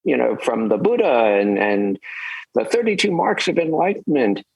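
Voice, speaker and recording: An older man voicing a young male monk disciple, mortified and apologetic, speaking in a halting, flustered way. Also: medium pitch, sing-song, creaky, breathy edge, no room sound, dull audio, pitched above the performer's own voice, heavily acted. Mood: earnest.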